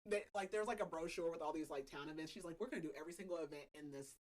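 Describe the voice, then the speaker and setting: A woman's voice: sits low, very fast, darkish tone, poor audio. A young adult woman hosting a podcast, recapping a novel in casual chat, laughing often and leaning on "like" as filler. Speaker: podcast host.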